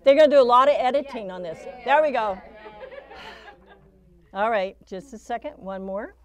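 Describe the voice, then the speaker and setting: Her voice is fairly high and her pace moderate as this middle-aged woman demonstrates a quilting pattern in a shop studio. The quilting instructor keeps it casual and chatty, describing each step and laughing whenever she slips.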